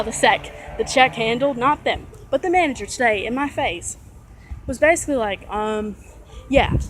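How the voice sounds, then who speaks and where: Fed up woman venting to her camera, kinda high voice, keeps backtracking and correcting herself, lots of sighs. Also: slight background noise, rough recording. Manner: rambling, repeats and corrects herself; exasperated, sighing. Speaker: vlogger. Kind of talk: casual venting monologue.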